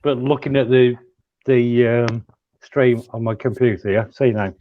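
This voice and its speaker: A man's voice: medium pitch, steady tone, moderate pace, narrow, tinny audio. A man chatting casually as a stream guest, friendly and stumbling, swearing now and then. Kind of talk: casual chat. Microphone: phone.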